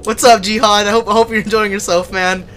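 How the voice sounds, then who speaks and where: This young streamer has a high-pitched, fairly bright voice and a flat delivery, speaking a little fast over a faint hiss or hum. Playing a horror game, he jumps, swears and cries out in fright, then chats to the people watching.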